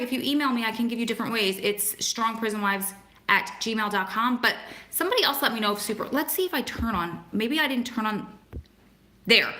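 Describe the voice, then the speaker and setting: A woman's voice: a little high, sharp tone. A young woman hosting a casual livestream, chatting with viewers by name and reading aloud to them. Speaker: host of a livestream for prison families. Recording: echoey room.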